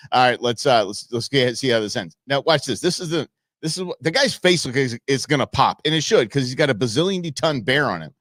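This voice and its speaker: A man's voice: medium pitch, expressive, brisk, few pauses, a bit bright, no echo. Rambling male host with dry sound. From United States. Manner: rambling, chuckling, with many fillers. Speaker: show host. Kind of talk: casual commentary on viral videos.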